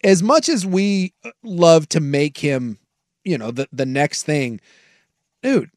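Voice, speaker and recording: A man co-hosting a casual sports talk show, arguing his points in animated bursts. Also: fairly high pitch, no echo, clean studio sound. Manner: animated, argumentative, rapid bursts.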